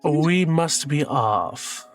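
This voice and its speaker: A man voicing an uptight male high elf who speaks in a clipped, stiff way. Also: lively intonation, drawn-out words, faint music behind. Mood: curt.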